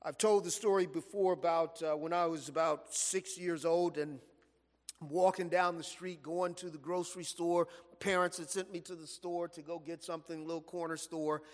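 A man's voice: on the high side, normal speed. A man preaching a sermon in a church, telling stories and stretching words for emphasis. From Los Angeles, USA. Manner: animated storytelling preaching, stretched emphatic phrases. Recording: long reverb from a large hall.

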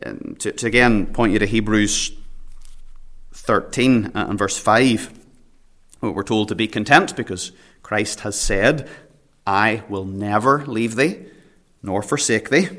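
A man's voice: lowish voice, slow, pauses often, a bit bright. A pastor preaching at a church prayer meeting, earnest, reading scripture in old King James wording and often repeating a word as he starts a phrase. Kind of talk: sermon.

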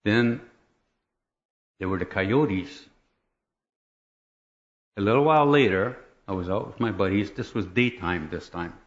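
Lo-fi low-voiced man telling a testimony. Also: unhurried, long pauses. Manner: animated storyteller, chuckles, checks in with "right?" and "okay?". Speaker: person giving a testimony. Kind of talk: storytelling testimony.

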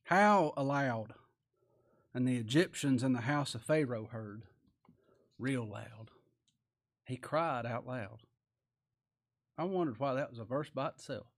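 A pastor preaches in a folksy, animated way, reading scripture slowly and with emphasis before dropping to near-quiet asides. His voice is mid-range.

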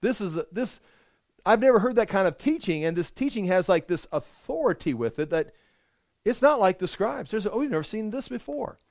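A man preaching as a pastor, explaining scripture in a conversational, animated way with frequent restarts. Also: high-pitched, normal speed, no room sound, studio quality. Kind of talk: Bible study sermon.

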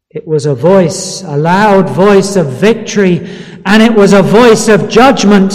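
A man's voice: sits high, takes it slowly, a little mellow. A man preaching a sermon to a congregation, emphatic and asking them rhetorical questions. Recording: long hall reverb.

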